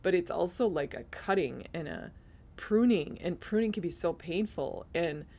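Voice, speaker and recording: Low-voiced woman, emotional faith testimony. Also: expressive, normal speed, creaky, warm tone. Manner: earnest and emotional, laughs at herself. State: teary-eyed. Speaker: podcast host.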